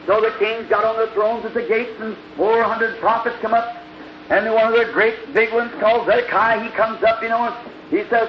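A man, preaching in an old-time revival sermon, his voice high and thin. He tells a story and acts out each speaker, rising to loud bursts and dropping to hushed lines. The recording is dull and lo-fi, with a steady hiss. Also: normal speed. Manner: storytelling, acting out dialogue with sudden loud bursts and soft drops.

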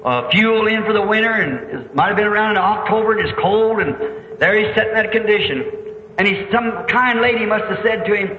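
Man preaching, high voice, storytelling sermon, echoing hall, dull old tape. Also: a little hiss or hum. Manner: storytelling preacher, acting out voices and rising to shouts.

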